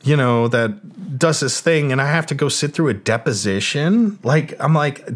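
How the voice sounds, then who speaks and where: A man's voice: medium pitch, lively intonation, normal speed. A man in his forties from Canada, telling a long story in a casual interview, swearing a lot, full of fillers, and acting out the voices of the people in it. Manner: profane, rambling anecdotes full of fillers, acting out quoted voices. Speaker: guest, music producer and DJ.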